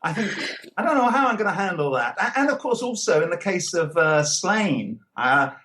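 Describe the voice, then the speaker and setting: Older male guest, higher-pitched, halting delivery thick with fillers. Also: very animated, a bit bright. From England, Anglo-Irish background. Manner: hesitant, many fillers and restarts. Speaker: guest comics writer. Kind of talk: casual interview talk.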